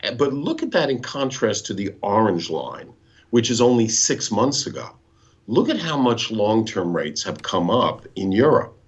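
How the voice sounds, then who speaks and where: Husky-voiced man explaining bond charts. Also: on the low side, big pitch swings, normal speed, muffled recording. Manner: patient, teacherly, explains step by step. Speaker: guest bond market expert. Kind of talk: explaining charts in a live talk.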